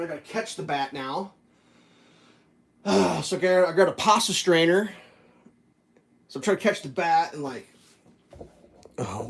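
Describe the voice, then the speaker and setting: A man with a fairly high voice tells a rambling story over breakfast at home. He talks casually and gets animated when the story heats up, sometimes slipping into silly voices. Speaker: vlogger.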